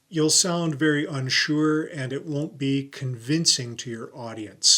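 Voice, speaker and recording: A middle-aged man presenting an on-camera tutorial as a YouTube coach, talking clearly and deliberately and stressing his keywords. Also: mid-range voice, bright, forceful tone.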